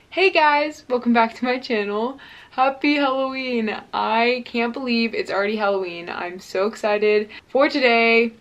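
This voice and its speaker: A young woman hosting a casual eating vlog, talking in a bubbly, excitable way and saying "like" a lot. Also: a little high, unhurried, lo-fi sound. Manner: bubbly, excitable, says "like" often. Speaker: mukbang vlogger.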